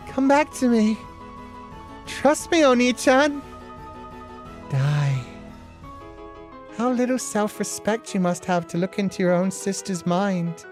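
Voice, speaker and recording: A woman playing a younger sister from a dark visual novel, who speaks sweetly while her words turn cruel. The voice sits a little low for a woman, and soft game music plays underneath. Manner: sweet yet menacing, calls him Oni-chan. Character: cold doting younger sister, girl. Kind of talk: voicing visual novel lines.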